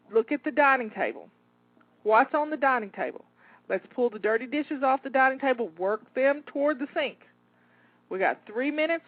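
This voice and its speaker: A home organizing coach with a fairly high voice leads a live, timed cleaning session, encouraging and rallying listeners while slightly out of breath and repeating herself. The audio is tinny, phone-like, and dry with no echo.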